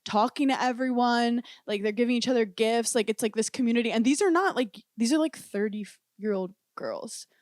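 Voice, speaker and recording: A young woman co-hosting a podcast, chatting casually and telling animated, giggly stories full of "like". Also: on the high side, normal speed, few pauses, no echo, studio quality. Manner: giggly, animated storytelling with frequent "like". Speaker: podcast co-host. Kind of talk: casual chat.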